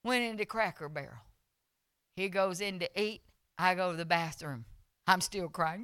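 A woman preaching a revival sermon, telling a personal testimony, swinging from soft storytelling to loud, emotional preaching. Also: fairly low pitch, moderate pace, long pauses, clean tone, no room sound, studio quality.

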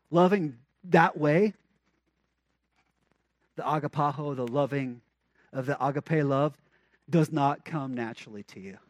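A pastor preaching a conversational sermon, with emphatic repeated refrains and rhetorical questions. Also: male voice, high voice, no room sound.

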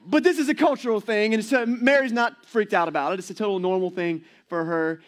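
A man in his forties gives a sermon in a slightly higher voice than most men. His tone is chatty and playful, and he often slips into little acted-out voices. It sounds like a pastor talking easily to his congregation. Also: animated, fast, hardly any pauses, a faint crowd. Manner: conversational, playful, acts out quotes.

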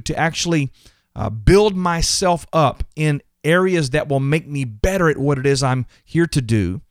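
Brief: male podcast host, earnest, emphatic delivery, slightly higher voice, dry close sound. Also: dry recording. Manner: earnest and emphatic, often repeats words. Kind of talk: motivational faith podcast talk.

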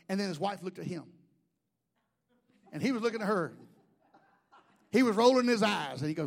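High-voiced preaching man, shouting and joking. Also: animated, fast talker, gravelly. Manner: swings from shouting to quiet asides, folksy humor. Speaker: pastor. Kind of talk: sermon.

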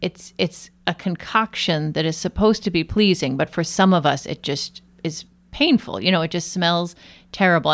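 A woman guest, a nurse and aromatherapist, talking casually and animatedly in an interview with many fillers. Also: sits low.

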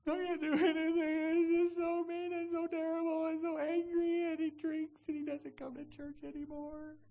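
A man's voice: extremely high pitch, monotone, moderate pace, dark tone, pitched above the performer's own voice. A man voicing a self-pitying middle-aged wife who complains in a whiny, helpless way.

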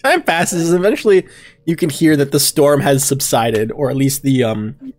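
A man narrates a tabletop role-playing game as its game master. He talks in a loose, relaxed way full of fillers and small chuckles. Faint music plays underneath. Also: mid-range voice, normal speed.

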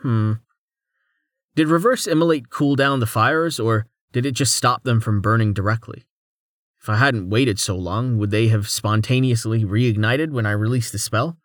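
A man's voice: mid-range voice, moderate pace, dry recording, studio quality, lightly acted. A man voicing a curious, playful young male mage who thinks aloud in a fantasy audiobook.

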